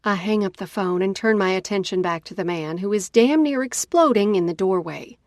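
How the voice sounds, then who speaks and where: Expressive woman narrating an audiobook. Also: medium pitch, a little fast, no echo, studio quality. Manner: expressive, dramatic. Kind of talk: first-person audiobook narration.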